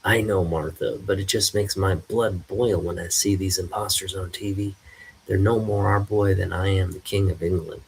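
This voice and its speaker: A man's voice: low voice, fairly even intonation, normal speed, gravelly, slight background noise, rough recording. A man voicing an indignant older male farmer with folksy grumbling, reading a comic aloud. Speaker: comic reader.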